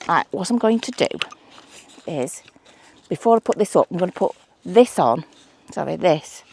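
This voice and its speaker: A woman's voice: on the low side, animated, moderate pace, a little mellow, breathy edge. A middle-aged woman with a Manchester accent, chatting casually and thinking aloud as she builds a trellis outdoors at her allotment for her vlog. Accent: Manchester English. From England. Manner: chatty, self-deprecating, thinks aloud while doing DIY. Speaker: allotment gardening vlogger. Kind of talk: casual vlog narration while working.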